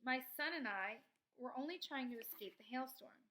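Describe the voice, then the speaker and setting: Woman reading a calm robot mother. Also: high-pitched, normal speed, noisy background. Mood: polite.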